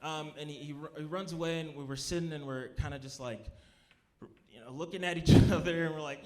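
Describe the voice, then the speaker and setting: A man telling a comic personal story live on stage, animated and jumping into loud high voices when he acts out his friends. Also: brisk. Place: small cultural center stage before an audience.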